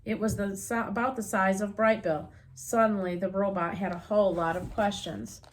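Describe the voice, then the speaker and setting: A woman reading a children's novel aloud as an audiobook reader, unhurried and gently expressive. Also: medium pitch, a little hiss or hum.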